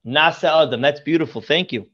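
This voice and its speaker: A man's voice: on the high side, fairly quick, fairly bright tone, breathy edge, lo-fi sound. A man, a rabbi guest on a podcast, teaching Torah through storytelling and effusive in his praise. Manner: effusive, repeats praise often.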